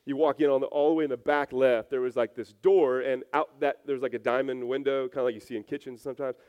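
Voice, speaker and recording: A man's voice: medium pitch, fairly even intonation, fast, a little mellow, clean tone. A male pastor giving a sermon, shifting from casual, filler-heavy storytelling to earnest teaching with big swings in energy.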